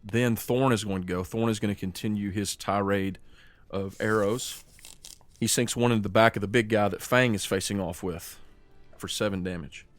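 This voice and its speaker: Male game master, lowish voice, unhurried scene narration. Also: fairly even intonation, faint music behind. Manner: slows down for dramatic scene narration.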